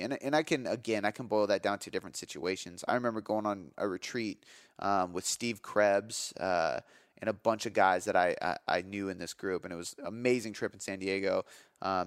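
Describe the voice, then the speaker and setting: A man in his thirties hosting his own podcast, telling a personal story in an energetic, emphatic way, with fillers and some swearing. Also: on the low side, clear, resonant tone, dry recording, studio quality. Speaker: podcast host. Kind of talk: candid storytelling.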